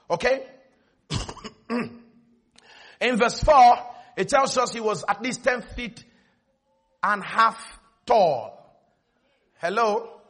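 A man preaching a sermon, often shouting and calling on the congregation to respond. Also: extremely high pitch, husky. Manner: shouting, call-and-response exhortation.

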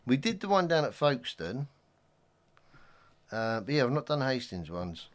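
Chatty man, lively storyteller. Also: medium pitch, normal speed. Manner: chatty anecdote-teller, slips into quoted voices. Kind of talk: casual chat, storytelling.

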